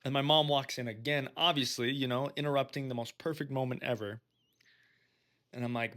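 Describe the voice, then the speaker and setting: A man's voice: mid-range voice, fairly even intonation, fairly quick, fairly bright tone. A man speaking earnestly and directly to his viewers, sharing a personal testimony and urging them on like a preacher. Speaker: faith-based self-help video host.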